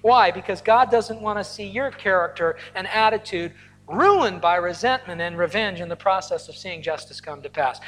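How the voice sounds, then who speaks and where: A man delivers a sermon to a congregation, mixing teaching with personal stories and playful asides. His voice rings out through a large hall with a long reverb tail. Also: sits high. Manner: storytelling, animated asides with laughter. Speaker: pastor. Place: large hall or church auditorium.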